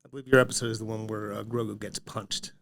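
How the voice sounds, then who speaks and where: A male magazine writer asking quick, eager interview questions. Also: fairly low pitch, level tone, gravelly, a bit bright.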